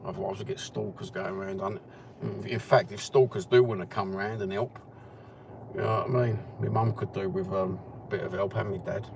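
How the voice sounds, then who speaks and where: A middle-aged vlogger with a Cockney East London accent chats casually while driving, rambling bluntly and swearing. His voice is lowish, steady in tone, fairly quick and gravelly. It's recorded inside a car, with car noise behind him.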